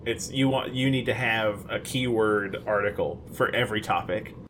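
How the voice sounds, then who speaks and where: A man's voice: fairly low pitch, fairly even intonation, fairly bright tone, slight background noise. A man co-hosting a podcast in casual chat, talkative and opinionated, restarting his sentences often. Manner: chatty, halting restarts, opinionated. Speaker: podcast co-host.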